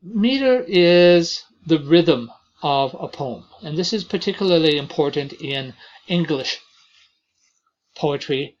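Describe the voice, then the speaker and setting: A man teaching an introductory lesson on poetry, talking slowly with frequent fillers and reading verses aloud. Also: fairly high pitch, expressive, lo-fi sound. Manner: slow, deliberate delivery with many fillers and reading aloud of verses. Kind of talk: lecture on poetry.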